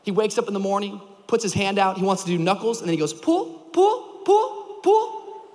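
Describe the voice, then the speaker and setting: A man in his thirties preaching a sermon to a church crowd, telling a story with lively energy and shouting for emphasis. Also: sits high, very fast, long reverb tail. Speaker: pastor.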